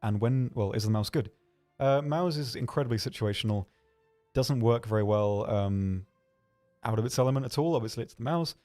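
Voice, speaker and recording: A man hosting a livestream, answering viewer questions in a hesitant, rambling way with dry, deadpan humor. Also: medium pitch, normal speed, faint music behind. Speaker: livestream host.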